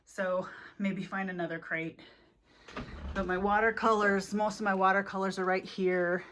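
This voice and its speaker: A woman's voice: mid-range voice, fairly even intonation, moderate pace, fairly bright tone, a little hiss or hum. A woman casually giving a tour of her home craft room, rambling through lists of supplies with many fillers, a little out of breath. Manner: chatty, rambling, listing items with fillers. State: slightly out of breath. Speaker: craft vlogger.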